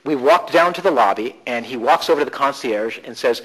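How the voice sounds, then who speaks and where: A man presenting a live conference workshop, animated and playful, shifting his emphasis for effect. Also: medium pitch, brisk, hardly any pauses, rough recording.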